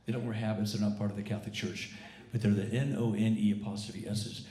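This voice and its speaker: Pastor, male, voice gone rough after illness, lowish and mellow, chatty sermon delivery in a reverberant church. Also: level tone, fast talker. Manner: conversational, with frequent restarts and repeated words. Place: church service. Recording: echoey church sanctuary.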